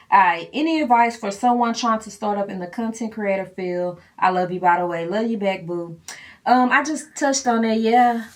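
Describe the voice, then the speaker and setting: A woman's voice: lowish voice, distant mic. A woman, telling candid stories and laughing often in a long-winded Q&A chat. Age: 40s. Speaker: vlogger. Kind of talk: casual Q&A chat.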